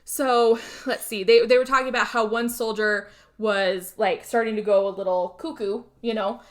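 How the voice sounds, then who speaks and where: Speaking at a moderate pace in a slightly high, steady tone, this woman is a podcast co-host chatting casually through a movie's storyline. She acts out many of the lines and swears now and then.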